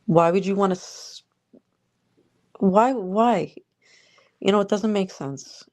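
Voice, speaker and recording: A woman's voice: medium pitch, slow, darkish tone. A woman vlogger ranting sarcastically about politics straight to the viewer. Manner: sarcastic, exasperated, talks to the viewer.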